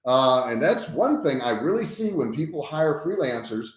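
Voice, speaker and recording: A man's voice: medium pitch, very animated, moderate pace. Frank man lecturing, echoey room. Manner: frank and emphatic, often tags points with "okay?". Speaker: business trainer hosting a livestream. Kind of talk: casual livestream talk. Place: home office.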